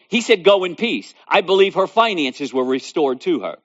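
Lively-pitched man preaching a sermon. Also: normal speed, hardly any pauses. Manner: reads scripture then expounds with repetition and rising emphasis. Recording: dull lo-fi recording.

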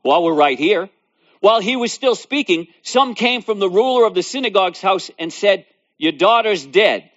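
A high-pitched, animated preacher speaks a little fast, reading scripture aloud and then expanding on it. He repeats phrases with building emphasis on a dull, lo-fi recording.

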